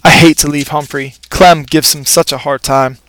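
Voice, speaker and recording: A man voicing a gentle, kind young girl who soothes her pet in a storybook reading. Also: a little high, steady tone, normal speed, no room sound, lightly acted. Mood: soothing. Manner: soothing, apologetic.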